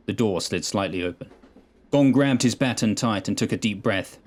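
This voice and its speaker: A man narrating a sci-fi audio story in a measured, steady way. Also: on the low side, slight background noise.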